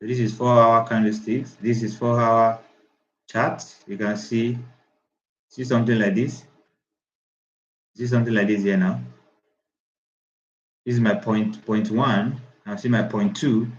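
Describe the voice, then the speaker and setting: A man teaches a trading lesson, walking through a chart and hammering his points with repeated, restarted phrases. His voice is mid-pitched and sits in a roomy, echoing space. The audio is slightly dull and lo-fi. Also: flat delivery, a little slow, pauses often. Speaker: trading instructor. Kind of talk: screen-share trading lesson.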